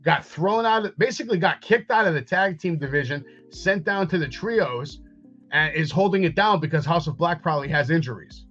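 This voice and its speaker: A man's voice: on the high side, animated, a little fast, a bit bright, highs cut off, soft background music. A man hosting a wrestling podcast, casually recapping events and paraphrasing what people said. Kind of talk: casual commentary over clips.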